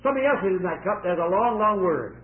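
A man preaching a sermon with an object lesson. He is dramatic, swings widely in loudness and pitch, and quizzes the children in the audience. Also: lively intonation, fast talker, phone-quality sound.

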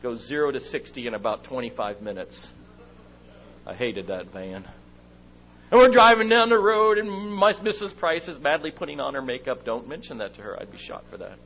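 A man's voice: medium pitch, a little fast, gravelly. Middle-aged man telling a sermon story. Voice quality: lively storyteller, acts out his own shouting and whispering. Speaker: speaker at a church meeting. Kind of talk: sermon with personal stories. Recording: dull lo-fi recording with faint hum.

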